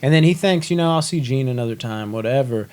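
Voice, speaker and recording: A male co-host in a relaxed review chat, swearing freely and acting out scenes as he retells them. His voice sits at an ordinary middle pitch. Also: fast talker. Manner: animated, swears a lot, acts out scenes in quotes. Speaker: podcast co-host.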